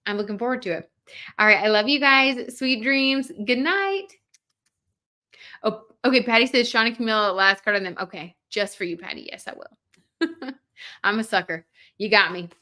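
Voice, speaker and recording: A woman's voice: medium pitch, moderate pace, pushed and bright. A young woman hosting a livestream tarot reading, chatting casually and reading viewer comments aloud with many "like" fillers. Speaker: tarot reader and livestream host.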